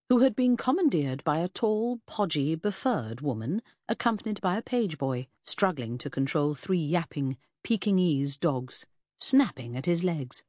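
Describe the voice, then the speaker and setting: A woman reading a novel aloud in first person, measured and descriptive with a gently wry touch. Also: deep voice, no room sound, studio quality. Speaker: audiobook narrator. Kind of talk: scripted first-person narration.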